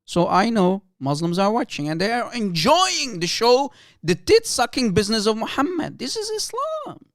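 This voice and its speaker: A man's voice: sits high, big pitch swings, moderate pace, a bit bright, no room sound, clean studio sound. A man hosting a livestream, giving heated, sneering commentary on a clip and laughing often. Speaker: livestream host.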